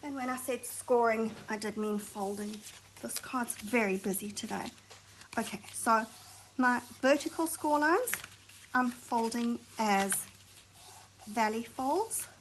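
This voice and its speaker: A woman hosting a craft tutorial, chatting and thinking aloud as she works, sometimes dropping to a soft near-whisper while she concentrates. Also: a little high, slow pace, slight background noise, rough recording. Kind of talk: chatty hands-on craft demonstration.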